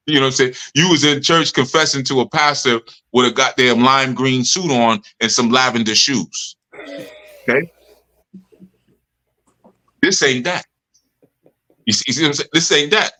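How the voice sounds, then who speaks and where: A man's voice: fairly high pitch, pushed and bright. A middle-aged man leading a live study session, talking in a streetwise, joking way and acting out his followers' complaints. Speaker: spiritual leader of a study group.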